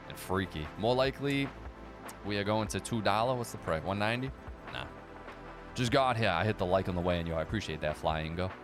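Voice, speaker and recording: Low-voiced male streamer, loose and profane, riffing on chat with faint background music. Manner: profane, sarcastic, fast banter. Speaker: livestream host reading viewer chat. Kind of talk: casual live chat.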